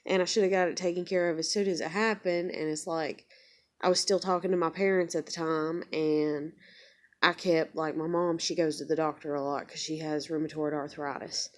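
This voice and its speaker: A woman's voice: steady tone, normal speed. Blunt, foul-mouthed woman venting. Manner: blunt, heavy swearing, venting; gets louder and higher when angry. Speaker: vlogger. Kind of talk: casual rant to camera.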